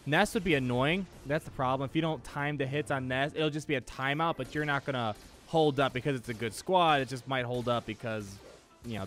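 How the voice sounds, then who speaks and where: A young man co-hosting a casual gaming chat, jokey and rambling, quick to laugh. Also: mid-range voice, a bit bright. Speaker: podcast co-host.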